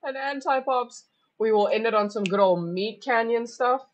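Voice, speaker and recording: A young woman streaming, chatting excitedly and joking as she reacts to videos. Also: medium pitch, normal speed, muffled recording. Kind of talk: casual reaction commentary.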